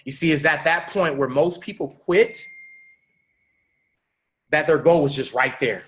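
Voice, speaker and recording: A man giving a motivational talk on a business webinar, preaching, repeating phrases and rising to shouts. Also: a little high, a little slow. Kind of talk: motivational speech with storytelling.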